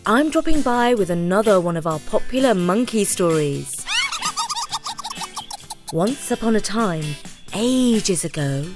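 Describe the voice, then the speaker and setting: A woman narrating a bedtime story with a gentle, expressive read-aloud manner. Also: mid-range voice. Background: soft background music.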